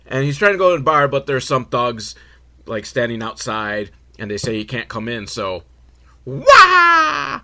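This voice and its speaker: A man's voice: mid-range voice, moderate pace, bright, forceful tone. A man giving a sarcastic, swearing comedy recap of a film and laughing at his own jokes. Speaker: movie recap host.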